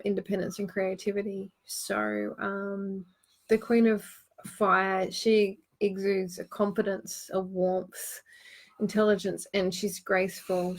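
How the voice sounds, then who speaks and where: A woman hosts a live online card-reading show and talks through each card in an earnest, reassuring way. Her voice sits in a medium pitch, and she keeps stopping for ums and restarts as she works out her advice. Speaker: host and tarot card reader.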